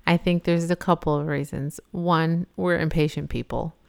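A woman in her thirties co-hosting a casual faith discussion, speaking in a reflective, measured way. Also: low-pitched, fairly even intonation, creaky. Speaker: podcast co-host.

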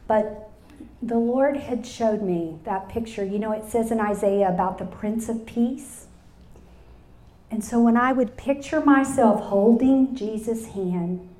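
Her voice is warm and mid-range as she, a woman in her fifties, delivers a heartfelt personal testimony at a women's luncheon. She tells it as a story, speaking straight to the live audience gathered in a large hall, and the recording has the hall's roomy echo.

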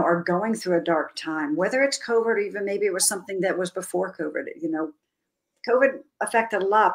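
Lower-voiced woman guest telling a story. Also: poor audio. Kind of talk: casual interview chat.

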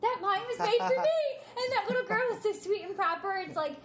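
A woman's voice: very high-pitched, fast talker, roomy sound, slight background noise. A woman in casual podcast chat, talking enthusiastically and acting out lines she quotes. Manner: enthusiastic, acts out quotes in a lively voice. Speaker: podcast panelist.

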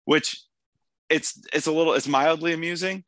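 A man with a hoarse voice hosting a podcast, chatting enthusiastically about an episode with many restarts. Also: on the high side, steady tone, moderate pace, fairly bright tone, no echo. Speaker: podcast host. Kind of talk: casual episode discussion.

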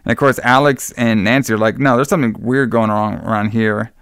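A podcast co-host retells a film's plot in a rambling, casual way, dropping profane asides as he goes. His medium-pitched voice is clean and fairly bright, with fairly even intonation and a brisk pace, recorded in a studio with no room sound.

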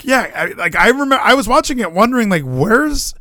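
A man's voice: very high voice, fast talker, no room sound, studio quality. A young man, co-host of a podcast, talking about his football weekend in casual chat, swearing and restarting often. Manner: animated, swears, frequent fillers and restarts.

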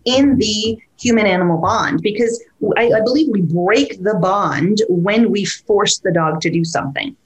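A woman and dog trainer talking casually, lively, who keeps acting out what a dog or its owner would say. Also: medium pitch, measured pace, hardly any pauses. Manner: animated, acts out dog and owner voices. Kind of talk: conversational podcast talk.

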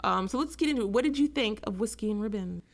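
A woman co-hosting a casual book chat, talking in a chatty, animated way full of fillers. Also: mid-range voice, quick pace, gravelly. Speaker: book podcast co-host.

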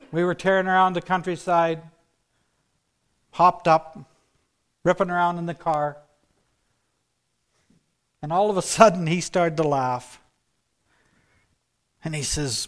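A man preaching a sermon built on his own testimony, telling it earnestly and dropping to a hush for emphasis. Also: on the high side, unhurried, long pauses.

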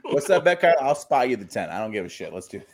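A man's voice: medium pitch, sing-song, quick pace. Brash drunk man. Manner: brash, profane, joking. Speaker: podcast co-host. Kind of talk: rowdy casual chat.

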